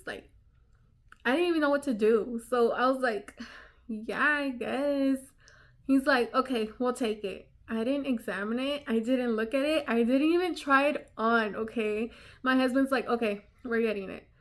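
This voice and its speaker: A woman's voice: fairly high pitch, a bit bright. A young woman vlogger telling a story in casual chat, talking straight to her viewers with lots of fillers. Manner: chatty, many fillers like "you know".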